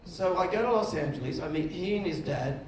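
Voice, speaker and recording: A middle-aged film director telling lively anecdotes during an on-stage festival conversation, acting out the voices of other people. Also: male voice, fairly high pitch, a little fast, a little hiss or hum. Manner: animated storyteller, acts out other voices. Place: festival stage before an audience. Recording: echoey room, mic at a distance.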